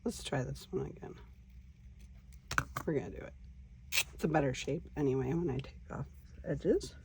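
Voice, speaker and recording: A woman hosting a casual crafting vlog, talking quietly to herself as she works. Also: extremely low pitch, moderate pace, a little hiss or hum. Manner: quiet, mutters to herself while working. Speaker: crafting channel host.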